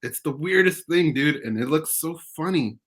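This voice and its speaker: A man co-hosting a casual video-call interview, giggly and animated. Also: a little high, normal speed, breathy edge. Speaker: co-host.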